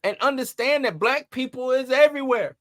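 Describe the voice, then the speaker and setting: Brief: lively male commentary host, high-pitched and animated. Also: fairly quick, no room sound, studio quality. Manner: animated, emphatic, rhetorical questions. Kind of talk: entertainment news commentary.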